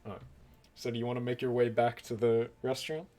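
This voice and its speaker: A young adult man narrating a tabletop game as game master, in a relaxed, rambling way. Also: medium pitch, quick pace.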